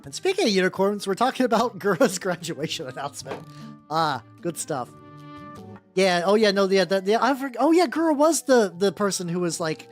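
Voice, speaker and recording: A man's voice: high-pitched, big pitch swings, a little fast. A man streaming casually while he paints miniatures. He rambles, swears freely and often restarts his sentences. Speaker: VTuber streamer. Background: faint background music.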